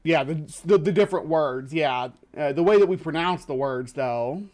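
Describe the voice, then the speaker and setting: Male host, lower Midwestern accent, slightly high-pitched, loose rambling commentary. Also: normal speed, darkish tone. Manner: rambling, with many fillers and restarts. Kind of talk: casual commentary reacting to a video.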